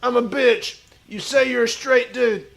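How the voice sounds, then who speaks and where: A streamer does an improvised comedy bit as a boastful, washed-up male pro wrestler, with a very high, gravelly, shouty voice. His tone is steady and his pace a little slow, and he stays fully in character. Crude and swaggering, he's full of bravado and refers to himself in the third person.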